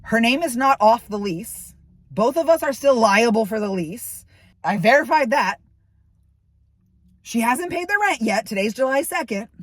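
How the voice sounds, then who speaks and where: A woman's voice: a little high, lively intonation, moderate pace, dry recording. A woman venting to camera, ranting in heated, profane bursts about a falling-out. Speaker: vlogger. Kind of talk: angry personal venting to camera.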